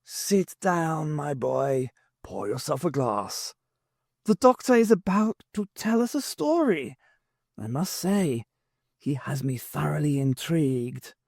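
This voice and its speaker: A man's voice: fairly high pitch, sing-song, slow, vocal fry, darkish tone, no echo, studio quality, exaggerated voice. A man voicing a wheezy, courtly old male president who turns stern when crossed, in a novel reading. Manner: courtly, turning sharply stern.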